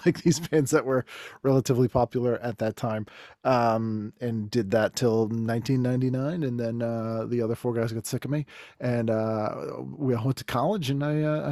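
A man's voice: mid-range voice, a little mellow, no echo. Man, forties, Boston accent, rambling, chuckling, dry close mic. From Boston area. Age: 40s. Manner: rambling, many fillers, laughs between phrases. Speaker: podcast guest, comedian. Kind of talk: casual chat.

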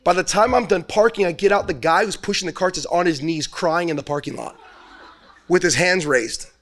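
A man's voice: high-pitched, fairly quick, a bit bright. A male pastor preaching a sermon in a loose storytelling way, asking the audience questions as he goes.

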